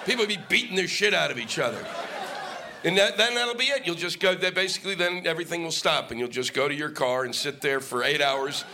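A man's voice: a little high, lively intonation, fairly quick, sharp tone, a faint crowd. A male stand-up comic doing a profane, ranting set on stage into a microphone. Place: comedy stage with audience laughing.

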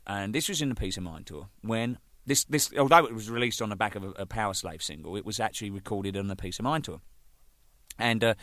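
An older man, a band's drummer, telling rambling, profane stories, laughing and acting out the shouting in them. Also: on the low side, no echo, clean studio sound. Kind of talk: casual anecdotal storytelling.

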